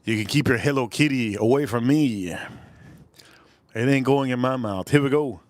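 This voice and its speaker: A man from Miami chats loosely on a live food stream, joking crudely and talking around mouthfuls. His voice sits at an ordinary middle pitch. The sound is dry and close, with no room echo. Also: normal speed. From Miami, Florida. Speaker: livestream food reviewer. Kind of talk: casual live-stream chat while eating.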